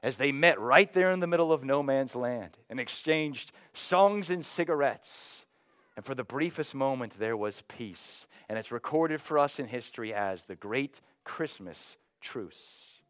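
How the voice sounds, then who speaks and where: A pastor from North Texas with a Texan accent, preaching a sermon with emphatic swells that fall back to quiet low phrases. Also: male voice, expressive, a little slow, few pauses, dry recording, clean studio sound. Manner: dynamic, rising to emphatic highs then dropping low.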